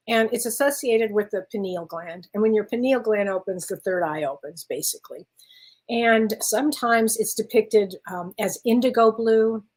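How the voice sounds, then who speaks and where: A middle-aged woman, a spiritual medium hosting her show, telling a personal story in casual chat and acting out the dialogue. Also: on the high side. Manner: animated anecdote teller who acts out dialogue.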